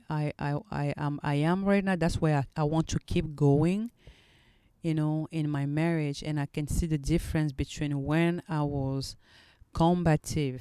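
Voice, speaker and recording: A woman hosting a solo podcast, speaking in an earnest, reflective way with halting restarts. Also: sits low, warm tone, clean tone, no echo, clean studio sound. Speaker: podcast host.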